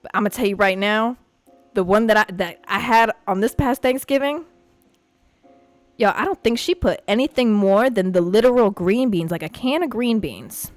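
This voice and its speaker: Young woman ranting on her podcast, swears a lot, kinda high voice, dry close mic. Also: no echo. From Puerto Rican family. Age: young adult. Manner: profane, animated, ranting. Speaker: podcast host. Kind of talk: casual storytelling monologue.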